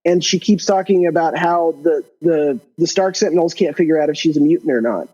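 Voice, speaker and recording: Listener guy dialed into a podcast, mellow voice, kinda muffled lo-fi chat audio, keeps chiming in. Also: fairly high pitch, a little fast, slightly rough. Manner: chatty, adds comments and asides. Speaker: listener calling into the show. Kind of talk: casual chat.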